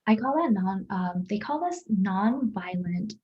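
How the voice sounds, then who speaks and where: A woman's voice: medium pitch, expressive, measured pace, muffled recording. A woman in a podcast conversation who speaks thoughtfully and reflectively and affirms what the other speaker says.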